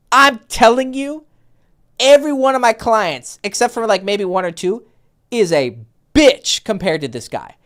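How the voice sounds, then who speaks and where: A man hosting a dating advice Q&A as a coach, talking casually with lots of swearing and acted-out dialogue. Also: extremely high pitch. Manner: animated, profane, acts out quoted dialogue.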